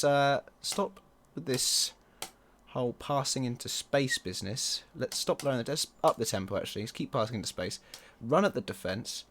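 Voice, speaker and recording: Excitable man yelling at a football game. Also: medium pitch, slight background noise. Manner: excitable, groans and yells at the match. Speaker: video game commentator. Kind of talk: let's play commentary.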